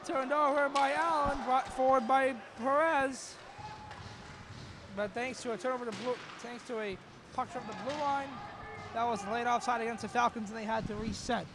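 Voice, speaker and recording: A young man with a very high voice calls a hockey game play by play. He talks quickly and excitably and breaks into shouts on every scoring chance, over a loud, noisy rink. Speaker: play-by-play commentator. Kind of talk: live hockey play-by-play commentary.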